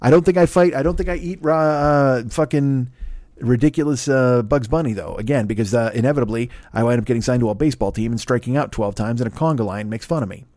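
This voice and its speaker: A man's voice: medium pitch, fast, a little mellow, no room sound, clean studio sound. A man hosting a podcast, delivering a rambling, profane comedic monologue full of restarts and stammers. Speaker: podcast host.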